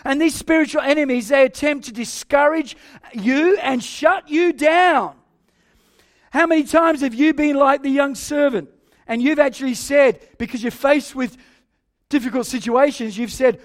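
High-voiced older male preacher. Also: measured pace. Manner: animated storytelling, swinging between soft asides and loud exclaims. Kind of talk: sermon.

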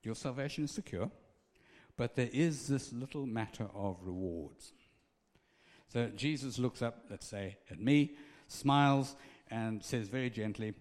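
A man's voice: medium pitch, unhurried, a little mellow, big-room sound. A man preaching a conversational sermon and acting out little scenes.

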